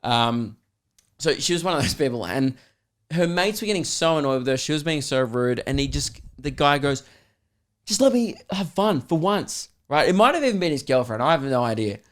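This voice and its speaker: Swearing Australian comedian telling a story. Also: male voice, mid-range voice, fairly quick. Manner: animated, swearing, rambling. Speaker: comedian and podcast host. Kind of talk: casual storytelling.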